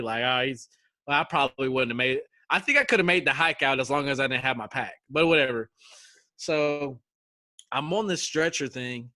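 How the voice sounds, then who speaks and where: Young male guest, bright and lively, slangy storyteller, dry close recording. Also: fairly high pitch, no echo. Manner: animated, acts out quotes with slang and swearing. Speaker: guest telling a survival-show story. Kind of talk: casual storytelling chat.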